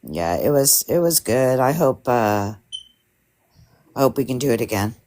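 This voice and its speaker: Brief: woman guest on a live, extremely low voice, warm comforting tone. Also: animated, measured pace. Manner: affectionate, comforting. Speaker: livestream guest. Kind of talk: casual chat.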